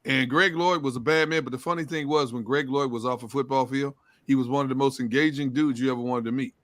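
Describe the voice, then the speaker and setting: A man's voice: mid-range voice, steady tone, fast talker, no echo. A male sports reporter talking football stories in casual, emphatic chat.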